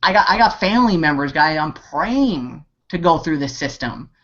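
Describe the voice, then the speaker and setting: A man's voice: on the high side, lively intonation, moderate pace, a bit bright, dull audio. A man giving an impassioned motivational talk on an online hangout, rambling with lots of "you know", fillers and restarts. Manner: rambling, heavy on 'you know' and fillers, restarts; impassioned and pep-talking. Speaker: network marketing team leader.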